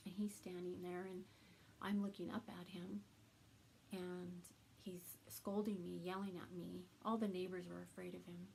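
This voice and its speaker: A woman vlogger telling a personal story to the camera, soft-spoken and halting, with trailing pauses. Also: lowish voice, creaky, a little hiss or hum, rough recording.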